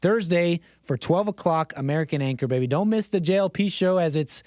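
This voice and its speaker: A man's voice: on the high side, fairly quick, a little mellow, no room sound, studio quality. A man hosting a live-streamed commentary show, talking in a theatrical, mock-dramatic way and repeating phrases for effect.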